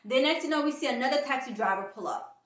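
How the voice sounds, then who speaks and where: Woman vlogger, animated storyteller, higher voice, echoey room, off-mic. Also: fast, recorded from a distance. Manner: animated storyteller, acts out quoted dialogue. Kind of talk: casual storytime vlog.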